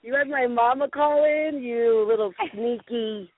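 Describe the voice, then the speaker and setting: A woman's voice: fairly high pitch, a little slow, background noise. A woman hosting a call-in radio show, chatting in a bubbly, gushing way. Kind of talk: casual call-in chat. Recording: tinny phone-quality audio.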